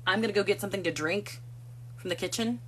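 A woman's voice: mid-range voice, fast talker, a bit bright, slightly rough. A woman hosting a casual live stream from home on a phone, chatting and greeting viewers by name one after another. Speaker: livestream host.

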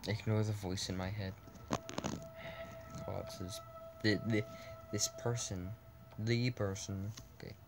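A man's voice: on the low side, fairly even intonation, slow pace, pauses often, music in the background. A man reading a text adventure game aloud as a let's play, often stumbling over words and breaking off with puzzled asides.

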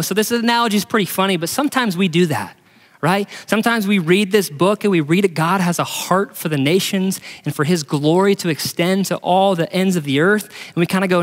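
A man's voice: sits high, a little fast, long reverb tail. A man in his thirties preaching a sermon as pastor, earnest, acting out little dialogues to make his points. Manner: earnest, acts out dialogue voices for illustrations. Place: church auditorium.

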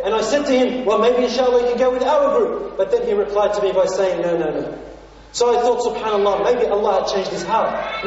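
A male preacher from Australia tells a moving story to his congregation, calling them brothers and sisters and slipping into Arabic phrases. His voice sits unusually high for a man. It was caught from well off the mic in a hall with long, heavy reverb, on a dull, muffled lo-fi recording. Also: a little mellow, recorded from a distance, slight background noise. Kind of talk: sermon storytelling.

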